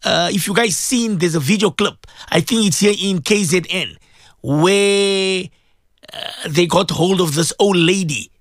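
A South African man hosting a radio talk show, speaking in impassioned commentary with emphatic repetition and frequent throat clearing. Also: sits high, unhurried, dry recording, clean studio sound.

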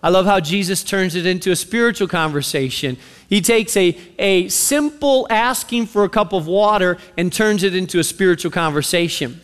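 A man's voice: high voice, moderate pace, smooth. A man preaching a sermon as pastor, telling a scripture story animatedly and acting out its characters. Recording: long reverb of a large hall.

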